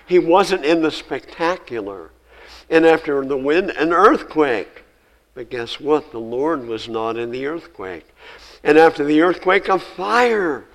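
A man's voice: a little high, animated, measured pace, a bit bright, rough recording. Preaching man, emphatic scripture reading. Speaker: pastor. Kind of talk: sermon.

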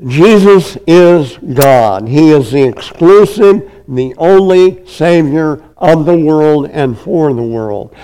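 A man preaches a sermon in an unhurried, deliberate rhythm. His voice is mellow and warm. He hammers his points home by repeating them. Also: fairly high pitch, animated, smooth, rough recording. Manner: emphatic, repetitive preaching cadence.

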